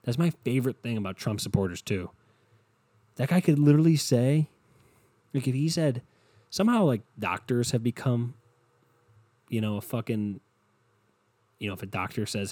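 A man's voice: on the low side, moderate pace, pauses often, dark tone, no room sound. A young adult man hosting his own podcast alone, rambling casually with profanity and sarcasm and acting out quoted voices, sounding worn out. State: tired, worn out. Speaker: solo podcast host.

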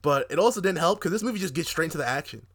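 A young man co-hosting a podcast, reviewing a movie in casual chat, animated and profane, laughing often and acting out quotes. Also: a little high, rapid-fire, slightly rough. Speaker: podcast co-host.

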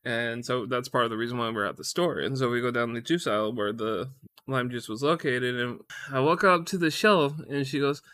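A young man tells a story in a loose, profane ramble. He trips over his words and restarts often, at a middle pitch with a dry, close sound. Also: a little fast, pushed and bright, dry recording. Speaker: vlogger. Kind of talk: casual storytime rant.

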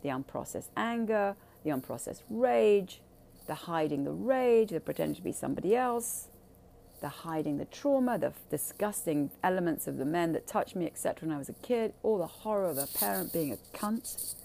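Gravelly, lively, blunt-talking woman. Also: fairly low pitch, normal speed, a little hiss or hum. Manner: blunt, profane, emphatic. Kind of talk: candid casual talk.

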